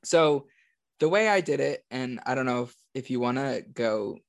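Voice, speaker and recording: A man's voice: mid-range voice, lively intonation, normal speed, creaky. A young man chatting casually about football predictions, thinking aloud with lots of fillers and restarts. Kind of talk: casual sports chat.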